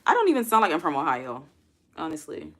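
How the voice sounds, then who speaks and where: A woman's voice: low voice, huge pitch swings, fast talker. A young adult woman hosting a casual livestream, chatting with viewers, calling them y'all and putting questions to her chat. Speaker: livestream host.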